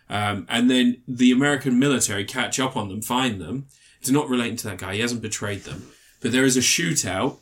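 A man's voice: mid-range voice, fairly quick, hardly any pauses, fairly bright tone. A man co-hosting a podcast, reviewing a film in casual, rambling chat and swearing freely. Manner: rambling, swears freely, acts out film characters in mocking voices. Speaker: podcast co-host.

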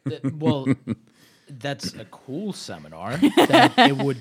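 A man's voice: mid-range voice, huge pitch swings, slow, husky. American man, podcast co-host, dry sarcastic reads, casual banter. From United States. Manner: sarcastic, reads items aloud with mock disbelief. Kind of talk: casual comedic podcast chat.

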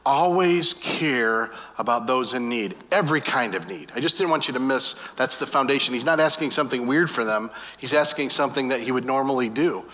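A man preaching a sermon as pastor, animated and conversational, with quick asides to the congregation. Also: mid-range voice. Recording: long hall reverb.

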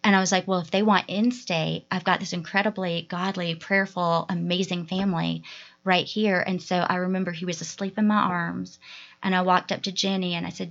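A woman's voice: lowish voice, little pitch movement, fairly quick, vocal fry, fairly bright tone. A woman, a guest and adoptive mother, telling a heartfelt personal story in a chatty way, often quoting herself. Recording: dull lo-fi podcast recording.

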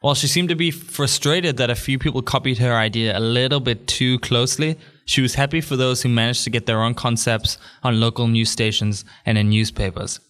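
A man's voice: medium pitch, steady tone, brisk, hardly any pauses, fairly bright tone. A young adult man from England, hosting a solo podcast in an upbeat, chatty way with jokey asides. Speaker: podcast host.

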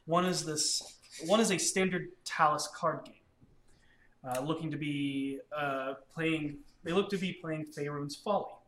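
Brief: male game master, casual narration with fillers, bright voice, echoey room with faint noise. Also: a little high, measured pace.

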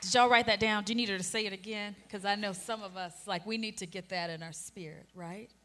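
A woman's voice: medium pitch, fairly even intonation, a little fast, sharp tone, some chatter behind, a little hiss or hum. A woman hosting an interview, responding to her guest with affirming remarks. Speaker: host. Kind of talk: interview talk.

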